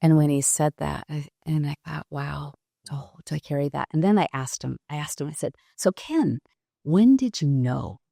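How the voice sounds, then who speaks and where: A woman in her sixties, a podcast guest, telling a personal story in a halting, reflective way with pauses and restarts. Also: low voice, gravelly, mellow, no room sound, studio quality.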